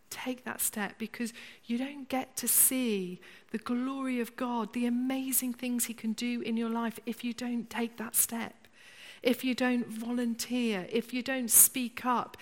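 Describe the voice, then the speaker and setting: A woman's voice: fairly high pitch, a bit bright. A middle-aged woman preaching a conversational sermon, acting out people's inner voices. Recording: long church reverb.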